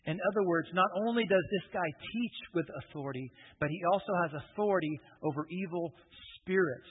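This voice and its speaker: A man's voice: a little high, moderate pace, husky. A man preaching a sermon in a conversational way, explaining scripture with casual asides and humor. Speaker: pastor. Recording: tinny phone-like sound with long reverb.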